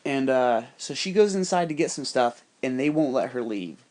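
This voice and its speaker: A man's voice: mid-range voice, expressive, normal speed, a little mellow. A man telling a rambling, heavily profane story in a casual, conspiratorial monologue.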